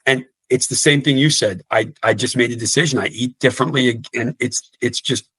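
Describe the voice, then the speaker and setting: A man's voice: medium pitch, brisk, pushed and bright, breathy edge, dry recording. Earnest man in his fifties, dry sound. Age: 50s. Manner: earnest, repeats words and restarts often. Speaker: guest coach. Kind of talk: podcast interview.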